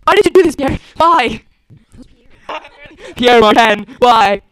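An actor playing a frightened male doctor who shouts in alarm, in 1940s radio acting style. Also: very high-pitched, very animated, measured pace, exaggerated voice.

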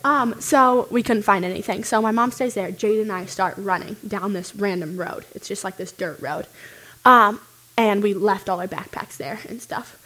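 A young woman casually telling a story, animated and full of "like" fillers. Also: mid-range voice, moderate pace, rough recording.

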